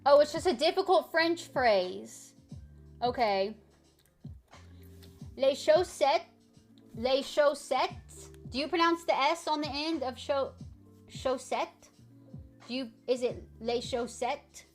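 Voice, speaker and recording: A high-voiced woman talks casually on a live stream, taking her time over each word. She is playful and loose, swearing freely as she carefully sounds out French phrases. Faint music plays in the background. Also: animated, unhurried.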